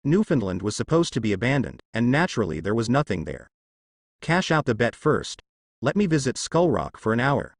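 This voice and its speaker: A man's voice: medium pitch, no echo, clean studio sound. A male synthetic voice as a cold young swordsman. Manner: calm, cold, measured.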